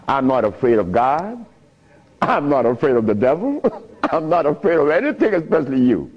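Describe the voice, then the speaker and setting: Animated man, lively swooping pitch. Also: moderate pace, in a large hall. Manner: chuckling, playful, preacher-like emphasis. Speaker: speaker giving a talk. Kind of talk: animated storytelling lecture. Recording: dull lo-fi recording.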